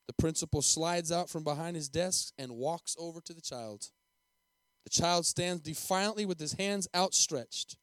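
Brief: male pastor, slightly high voice, emphatic storyteller, dry and close. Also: dry recording. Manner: dramatic, emphatic, repeats himself. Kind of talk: sermon storytelling.

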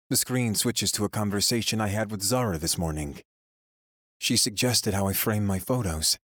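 A man narrating a first-person story from a script in a steady, grim, measured way. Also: on the low side, husky, no echo, clean studio sound.

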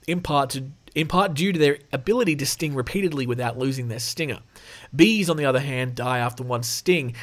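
A man hosting a casual podcast, reading notes aloud with off-the-cuff asides, swearing and laughing as he goes. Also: mid-range voice. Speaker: podcast host.

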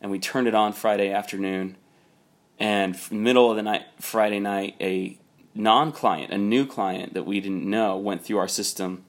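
At normal speed, in a fairly low voice with fairly even intonation, a man tells a long, casual story about clashing with his boss at work. It's a rambling account packed with "like," and he quotes others in a raised voice.

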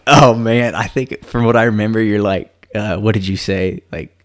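Deep-voiced man telling a lively story. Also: moderate pace. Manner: animated storyteller who acts out quoted dialogue; loose and rambling, many fillers and self-restarts. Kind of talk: casual storytelling conversation.

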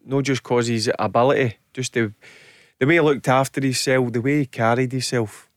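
A Scottish man, a former footballer, talking casually as a radio pundit, animated and often repeating his first words. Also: mid-range voice, normal speed, no room sound, studio quality.

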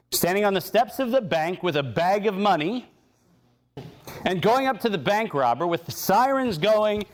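High-voiced man, sarcastic and emphatic. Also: slight background noise. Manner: sarcastic, emphatic, builds to outraged points. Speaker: speaker giving a talk. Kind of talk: impassioned lecture with slides.

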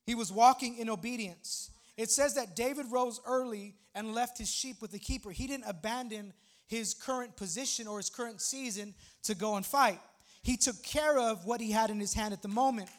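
A man in his thirties delivers a sermon as pastor, speaking in an unusually high voice. He talks to the congregation casually and with humor. Now and then he builds into emphatic, near-shouted points. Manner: conversational, humorous preaching with rising emphatic outbursts.

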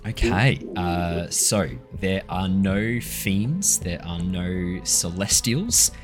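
A man narrating as game master in a tabletop game, descriptive and chatty with quick asides. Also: deep voice, expressive, music in the background.

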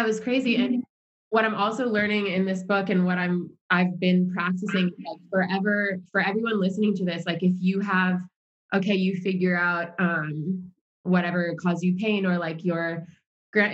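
An American woman talks in a loose, rambling podcast chat, full of "like" and restarts. Her voice sits a little on the low side. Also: muffled recording, a little hiss or hum. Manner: rambling, heavy use of "like" fillers. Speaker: podcast co-host. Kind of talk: casual chat.

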